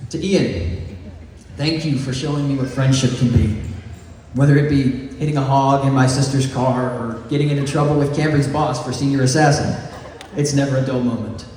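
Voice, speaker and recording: A man's voice: mid-range voice, a little mellow. A man of about eighteen giving a heartfelt, joking graduation speech as valedictorian. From East Texas. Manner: heartfelt, joking, slow deliberate phrasing with chuckles. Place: large echoey hall or gym. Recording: echoey hall from far off, faint noise.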